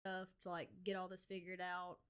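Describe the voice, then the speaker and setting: Interview guest, woman, clear smooth tone, shaky emotional delivery. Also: lowish voice, monotone, brisk. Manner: emotional, nervous laughter. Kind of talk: interview conversation.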